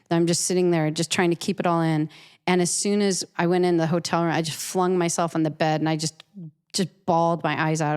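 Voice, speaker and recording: Smooth-voiced woman telling a story. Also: lowish voice. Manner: earnest, emotional, with frequent restarts and repeated words. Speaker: professional artist, interview guest. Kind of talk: personal storytelling in an interview.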